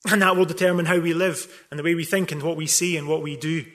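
A man's voice: a little high, fairly even intonation, fast talker, a bit bright. A man preaching a sermon as pastor, emphatic and full of rhetorical questions, with wry asides. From not from England.

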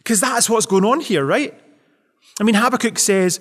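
A man delivering a Sunday sermon, his voice sitting high for a man and carrying a long reverberant tail. He preaches earnestly, pressing question after question to the congregation. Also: normal speed, a bit bright. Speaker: pastor.

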